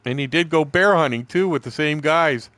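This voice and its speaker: A man's voice: on the high side, moderate pace, a bit bright, dry recording. A man in his sixties from southern Ontario with a Canadian accent, chatting loosely and profanely while streaming a fishing game, laughing often. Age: 60s. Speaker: gaming streamer. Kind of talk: casual storytelling while gaming.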